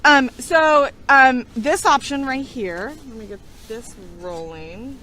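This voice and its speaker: A woman's voice: sits high, takes it slowly, bright, forceful tone. A woman chatting casually as she reviews camping coffee, often laughing and restarting her sentences. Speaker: vlogger. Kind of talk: casual product review chat.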